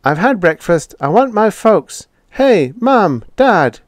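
A man doing a high-voiced anxious young boy. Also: big pitch swings, slow, no echo, clean studio sound, exaggerated voice. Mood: calling. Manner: high, pleading calls. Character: anxious young boy looking for his parents.

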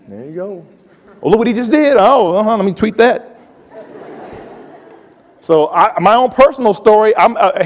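A man in his forties giving a playful, animated motivational talk to students and calling out to the audience. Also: fairly high pitch. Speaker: college president giving a talk. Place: large hall with a live audience. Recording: hall reverb.

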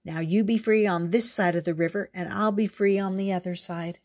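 A woman voicing a tired, determined young runaway man, speaking softly and tenderly. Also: mid-range voice, steady tone, moderate pace, close to an everyday voice.

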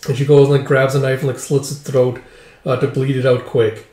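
A man's voice: medium pitch, flat delivery, a little fast, dark tone. A man casually retelling a comic, rambling and full of "like" and "uh". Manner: rambling, filler-heavy with "like" and "uh". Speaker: manga recap reader. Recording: roomy echo.

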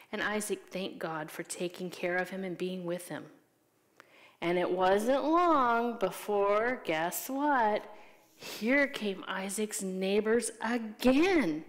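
A woman telling a Bible story to young children as a Sunday school teacher, gently asking them questions. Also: medium pitch, expressive, slow, in a large hall.

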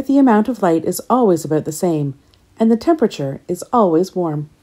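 A woman reading a children's nonfiction book and a legend aloud in a gentle, measured storytelling voice. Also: lowish voice. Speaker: storybook reader.

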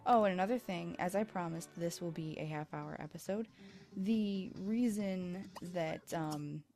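A woman's voice: fairly low pitch, a little slow, warm tone. A woman casually commenting on her life-sim gameplay, tired and chatty, rambling and self-deprecating, recorded on a USB microphone. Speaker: let's play host.

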